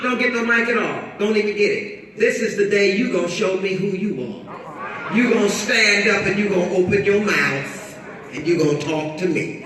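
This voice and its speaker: Speaking in a mid-range, fairly bright voice, this woman author teases her audience with sassy, preachy banter during a book talk. The carpeted event room echoes like a hall, and her voice is caught from a distance.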